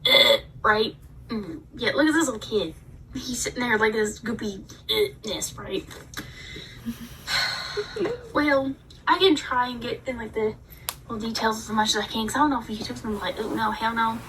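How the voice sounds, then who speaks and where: A woman vlogger ranting in a casual, animated way, telling a story with dramatic asides. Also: fairly high pitch, moderate pace, pauses often, recorded from a distance, slight background noise, poor audio. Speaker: book reviewer vlogger. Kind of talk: casual rant.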